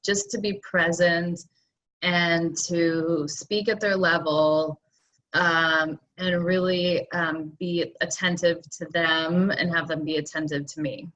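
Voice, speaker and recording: A woman's voice: fairly low pitch, flat delivery, takes it slowly, fairly bright tone, dull audio. A mother being coached on a call, talking hesitantly with fillers and restarts. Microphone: video or phone call.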